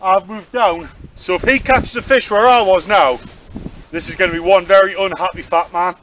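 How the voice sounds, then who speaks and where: A man's voice: high-pitched, moderate pace, fairly bright tone, rough recording. A man chatting playfully to the camera while fishing on a windy beach, joking with his friend. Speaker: angler vlogger. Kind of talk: casual outdoor vlog commentary. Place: open beach on a windy evening. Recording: wind noise on the mic.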